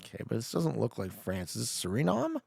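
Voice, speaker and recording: Young male streamer, jokey running commentary, expressive pitch, close and dry. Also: fairly quick, vocal fry, slightly rough, no echo. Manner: joking, talks back to his chat. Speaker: streamer playing a geography guessing game. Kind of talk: casual live gameplay commentary.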